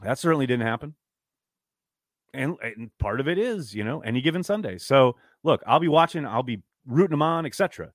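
A man's voice: medium pitch, lively intonation, a little fast, no echo, clean studio sound. A man hosting a podcast, reading out fan comments and answering them in a frank, downbeat, exasperated way, swearing freely. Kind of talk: casual live-stream chat.

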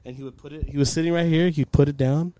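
A man's voice: fairly high pitch, fairly even intonation, fast talker, mellow. A man hosting a podcast in casual chat, rambling through funny stories and laughing often. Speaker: podcast host.

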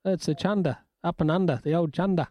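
A man's voice: on the high side, fast talker, dark tone, dry recording. A man hosting breakfast radio, rambling and joking and often laughing, on a studio microphone. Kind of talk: casual breakfast radio banter.

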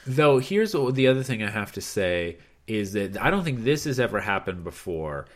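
A man co-host in casual podcast chat about a reality show. His pitch jumps around lively as he talks. He swears now and then and laughs easily. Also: normal speed.

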